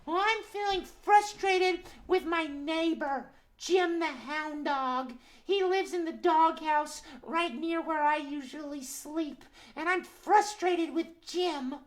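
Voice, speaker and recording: A woman voicing a fretful young house cat in a children's puppet show, complaining in a high, fed-up voice. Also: slow pace, hardly any pauses. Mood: frustrated.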